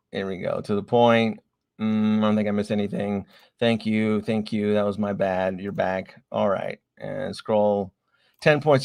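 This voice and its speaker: A man with a lowish voice hosts a late-night livestream about collectible figures. He rambles casually, thinks out loud and apologizes to viewers for slip-ups. His tone stays loose and conversational. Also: creaky.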